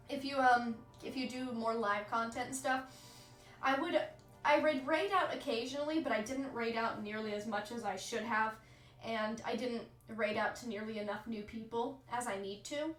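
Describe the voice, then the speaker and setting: A candid woman in her thirties, chatting to her stream with a slightly high voice and swearing freely. The room is echoey and faint music plays behind her. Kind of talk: casual chat with live chat.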